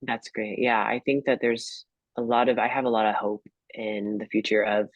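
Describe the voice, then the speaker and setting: A man's voice: on the low side, flat delivery, moderate pace, no room sound, lo-fi sound. A young man, a guest tarot reader, chatting casually and hesitantly, full of fillers and restarts. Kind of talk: casual chat.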